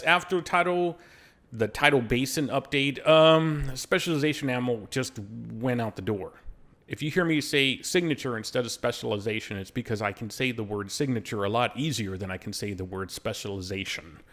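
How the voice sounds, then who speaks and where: A man's voice: mid-range voice, normal speed, a bit bright. A man hosting a gaming channel, reading patch notes aloud in casual commentary, with blunt, sarcastic asides and slightly slurred diction.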